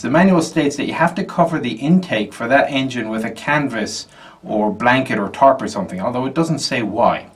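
Man, wry conversational explainer, casual tour, distant mic, plain mid pitch. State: sweating on a hot day. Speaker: tank historian presenter. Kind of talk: informal walk-through tour. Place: inside a tank hatch, outdoors.

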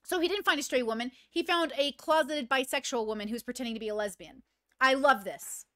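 A woman hosting casual reaction commentary, thinking aloud in an animated, swearing way. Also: high voice, dry recording. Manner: animated, swearing, thinking aloud, pausing to clear her throat. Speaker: commentary host reacting to a video.

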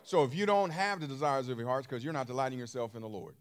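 A pastor preaches quickly in a smooth, medium-pitched voice. His sermon is emphatic, with repeated phrases and questions thrown to the listeners, along with other features.

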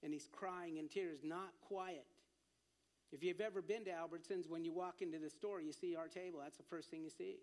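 A man preaches to his congregation in a fairly high voice. He tells a personal story earnestly, repeating words as he restarts, and grows more fervent as he goes. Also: steady tone, moderate pace, darkish tone. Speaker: ministry leader speaking at church.

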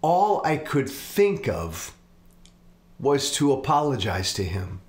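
A middle-aged man and show host speaking in an earnest, confessional monologue, slow and deliberate. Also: medium pitch, big pitch swings. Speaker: political commentator, host. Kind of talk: reflective monologue. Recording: roomy echo.

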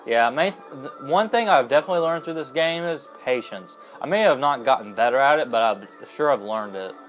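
A young man narrates his gameplay in a casual, chatty way. He rambles and often stops to correct himself. His voice sits at a middle pitch for a man. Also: lively intonation, a little fast, a bit bright, faint music behind, poor audio. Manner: rambling and chatty, with many fillers and self-corrections. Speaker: gaming video host. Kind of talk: casual let's-play commentary.

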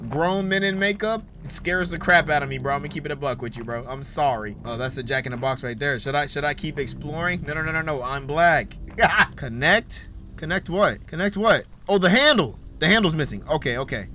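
A man's voice: a little high, fairly quick, pushed and bright, a little hiss or hum. A young man playing a horror game, slangy and chatty with his viewers, with sudden startled exclamations. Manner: slangy, talks straight to viewers, jumpy exclamations. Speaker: gaming YouTuber. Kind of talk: horror game playthrough commentary.

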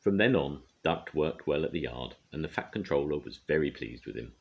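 An older man reading a children's story aloud with an expressive, lively delivery. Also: rumbling low, moderate pace, vocal fry. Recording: dull lo-fi recording.

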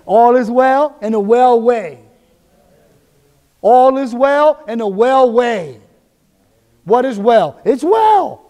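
High-voiced preaching man in reverb. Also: mellow. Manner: emphatic, repetitive preaching with quoted inner voices. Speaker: pastor. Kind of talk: sermon.

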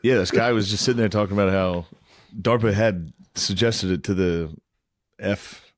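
A man on a casual podcast, rambling in a deadpan, conspiratorial way. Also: fairly low pitch, moderate pace, no room sound, studio quality. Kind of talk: casual comedic podcast chat.

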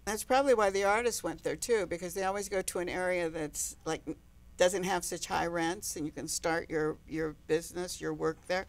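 A woman hosting a casual interview, asking quick, curious follow-up questions. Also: lowish voice. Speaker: talk show host.

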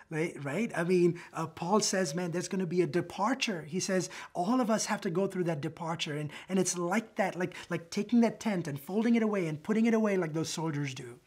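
A man's voice: a little high, fairly quick, hardly any pauses, husky. A man preaching a sermon in a loose, conversational storytelling way, often asking "right?" and restarting his sentences. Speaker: pastor.

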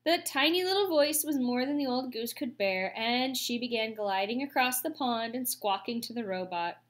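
A woman reading a children's story aloud with expressive, slow storytelling. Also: on the high side. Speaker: audiobook reader.

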